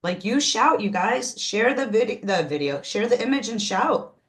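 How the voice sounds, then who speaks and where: A woman coaching a team on a video call, energetic, with frequent "um"s and restarts. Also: on the high side, moderate pace. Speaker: team trainer leading a call. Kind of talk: casual group video call.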